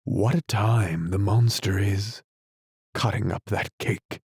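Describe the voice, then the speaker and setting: A man's voice: on the low side, steady tone, slow pace, a little mellow, slightly rough, no echo, clean studio sound, exaggerated voice. A man voicing a weary, sleepy male lion in an audiobook, speaking in a drawling, yawning way. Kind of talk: audiobook character reading.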